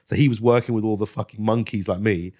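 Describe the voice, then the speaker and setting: A man's voice: lowish voice, steady tone, quick pace, mellow. A man from Britain in his thirties, a guest on a casual podcast interview, telling stories animatedly, swearing freely and slipping into impressions. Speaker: guest actor and comedian.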